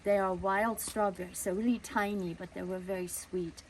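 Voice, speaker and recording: Gentle woman telling a childhood story. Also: medium pitch, steady tone, normal speed, a little hiss or hum, low-quality recording. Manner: gentle, conversational, with fillers and restarts.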